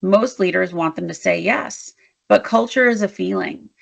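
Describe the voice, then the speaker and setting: A woman interview guest, a leadership strategist, telling work stories in an animated, emphatic way. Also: medium pitch, moderate pace, vocal fry. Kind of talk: storytelling in a conversational interview.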